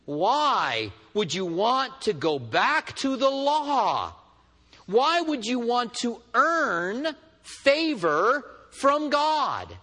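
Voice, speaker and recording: A pastor preaching a sermon with animated storytelling, acting out both sides of everyday dialogues. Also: male voice, very high-pitched. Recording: preached in a hall with long reverb.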